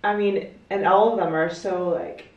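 Canadian woman, playful self-mocking guest, mid-pitched, roomy echo. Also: steady tone, moderate pace, highs cut off. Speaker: guest triathlete. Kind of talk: casual chat. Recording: echoey room from far off.

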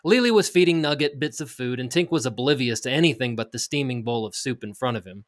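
Middle-aged male podcast co-host, animated and joking, reads aloud with energy. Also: medium pitch, quick pace, no echo, studio quality. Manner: animated, jokey, full of restarts. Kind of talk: casual chat and reading aloud.

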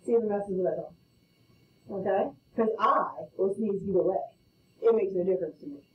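A woman's voice: mid-range voice, normal speed. Playful woman teaching in a roomy classroom. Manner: playful, storytelling, frequent "okay?" check-ins. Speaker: math teacher. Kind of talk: classroom lecture. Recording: roomy, distant, muffled classroom audio.

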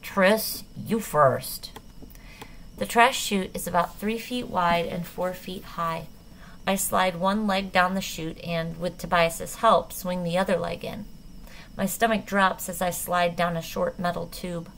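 Woman audiobook narrator, first person, low and gravelly, measured. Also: fairly even intonation, a bit bright, slight background noise, low-quality recording.

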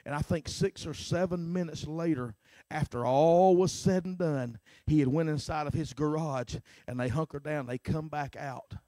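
A middle-aged man preaching a sermon as pastor, starting lines with a filler "uh" and swinging from shouts to hushed talk. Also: fairly high pitch, moderate pace, hardly any pauses, no echo. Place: church sanctuary.

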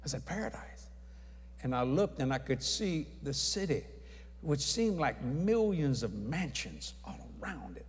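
A man preaching a sermon, telling his story in a folksy, animated way. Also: mid-range voice, measured pace. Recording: reverberant hall.

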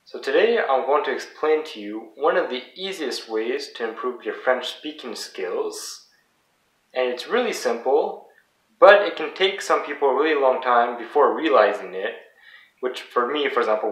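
Male language tutor, calm home lesson, slow patient repetitions, mic set back in an echoey room. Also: mid-range voice. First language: English. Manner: patient, repeats example words slowly. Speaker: French language teacher. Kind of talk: casual video lesson. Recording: roomy sound from a distant mic.

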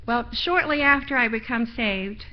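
A woman's voice: a little high, normal speed. A middle-aged woman preaching a sermon in a church, folksy and personal, sharing her own testimony and pressing points with rising force. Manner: folksy, personal testimony, building to louder emphasis. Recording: lo-fi live stream audio.

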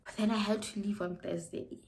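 A woman's voice: mid-range voice, steady tone, a little fast, darkish tone, rough recording. A young South African woman with a South African accent, telling a personal story in a casual vlog, emotional and mixing English with Sesotho. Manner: emotional, mixing English with Sesotho, drops often to a near whisper. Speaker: YouTuber.

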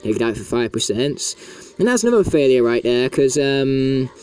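A man's voice: medium pitch, very animated, normal speed, darkish tone, clear, resonant tone, no room sound, faint music behind. A man chatting casually as he plays a video game, in a talkative, self-mocking way. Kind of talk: casual gameplay commentary.

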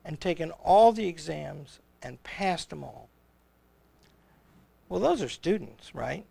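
Gravelly older man telling a rambling story. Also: a little high, expressive, takes it slowly, dark tone. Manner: rambling storyteller, chuckles, acts out quoted exchanges. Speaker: college president. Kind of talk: casual conversation on a livestream.

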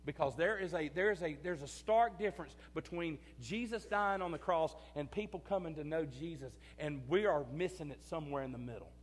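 Man, pastor, high-pitched, mid-sermon, echoing hall sound. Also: brisk, hardly any pauses. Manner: swings between loud emphatic and quiet confiding; repeats phrases for emphasis. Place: church sanctuary. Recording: church hall reverb.

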